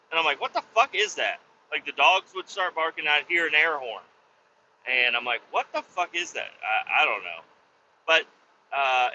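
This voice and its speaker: A podcast host talks through a story from behind the wheel of a car. His voice is slightly high, tense and sharp, and it moves around a lot in pitch. The sound is dull and lo-fi, with faint noise behind it. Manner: profane, animated, laid-back storytelling. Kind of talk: casual storytelling. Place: driving in a car.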